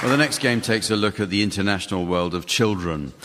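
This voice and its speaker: Deadpan low-voiced male quiz chairman. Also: quick pace, over a noisy crowd, heavy background noise. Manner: dry, deadpan delivery of scripted jokes. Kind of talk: hosting a comedy panel game. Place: large theatre stage. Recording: live theatre hall with audience laughter.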